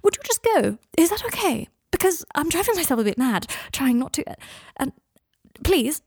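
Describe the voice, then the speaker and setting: A troubled, self-critical young man, read by a woman, talking in a halting, husky half-whisper. The sound is dry and close, with a breathy edge. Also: fairly high pitch, no echo. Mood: pleading. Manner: hushed, halting, often near a whisper.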